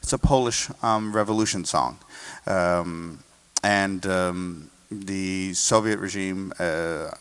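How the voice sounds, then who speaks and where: An American man with a low, deep voice talks through a symphony as a guest conductor. He breaks into sung and hummed bits of melody to illustrate what listeners will hear. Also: a bit bright. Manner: sings and hums melodies to illustrate points. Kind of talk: explaining music in an interview.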